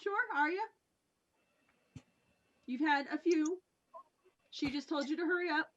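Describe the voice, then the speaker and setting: A woman running a tabletop game as game master, narrating haltingly with many fillers. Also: high voice, lo-fi sound, a little hiss or hum.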